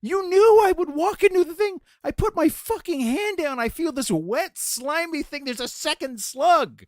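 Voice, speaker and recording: A man's voice: expressive, normal speed, dry recording, studio quality. A man mimicking a shrieking, outraged wife. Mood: laughing scold. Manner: shrill, outraged then laughing. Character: exasperated wife shrieking at prankster husband.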